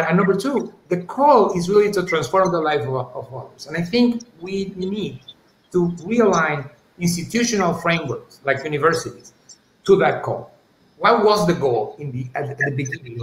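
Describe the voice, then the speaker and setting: A man's voice: a little high, expressive, normal speed. A man, answering questions in a live-streamed interview, talking thoughtfully with many restarts and asides. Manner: thoughtful, many restarts and "you know", "right?". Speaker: university leader, interview guest. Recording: roomy echo, faint ambient noise.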